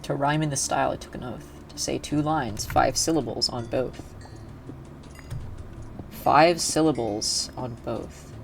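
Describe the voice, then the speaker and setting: A man's voice: mid-range voice, fairly even intonation, fairly quick, gravelly, few pauses, soft background music. A young man streaming a video game, chatting casually in a rambling way with lots of fillers and restarts. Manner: rambling, filler-heavy, self-interrupting. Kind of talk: casual gaming livestream chat.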